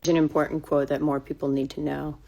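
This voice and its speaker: A woman's voice: low-pitched, little pitch movement, fast, vocal fry, mellow, a little hiss or hum. A woman speaking in a solemn, emphatic way.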